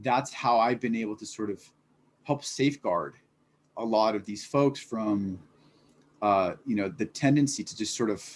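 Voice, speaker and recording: Earnest male guest with faint background noise. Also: fairly low pitch. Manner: earnest, reflective, many fillers like "like" and "you know". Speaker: fitness business founder, guest. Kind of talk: casual interview chat.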